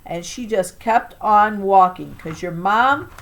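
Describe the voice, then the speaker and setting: A woman voicing a harsh, taunting old grandmother in a storybook read-aloud, with a loud, sing-song scolding delivery. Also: mid-range voice, takes it slowly.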